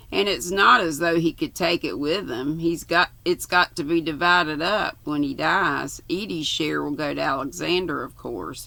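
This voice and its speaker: A restless, brooding ex-pilot rambles on in a grumbling way, read by an older Southern woman. The voice is gravelly and bright, with a dry, close sound. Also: sits low, dry recording, heavily acted. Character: restless middle-aged British ex-pilot, brooding.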